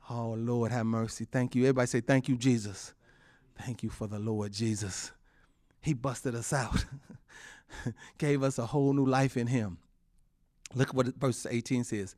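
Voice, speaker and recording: A man preaching a sermon, swinging between loud, high exclamations and quiet low asides, laughing often between lines. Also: lively intonation, moderate pace, pauses often, no echo, clean studio sound.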